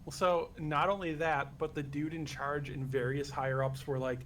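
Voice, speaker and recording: A man's voice: a little high, little pitch movement, moderate pace, few pauses, a bit bright, slight background noise. A man chatting casually with a game streamer, tossing in wry jokes. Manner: wry, joking asides. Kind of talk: casual chat.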